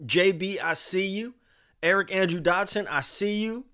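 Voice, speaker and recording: Animated man hosting a livestream. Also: high voice, moderate pace. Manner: animated, reading chat names aloud. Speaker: livestream host. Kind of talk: casual livestream countdown.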